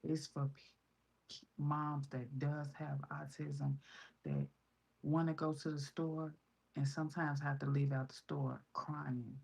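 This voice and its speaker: A woman's voice: low-pitched, gravelly, a little mellow, slightly rough. A mother in her thirties with a Chicago accent, talking in a casual, blunt, profane vlog and quoting other people in raised voices. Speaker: vlogger.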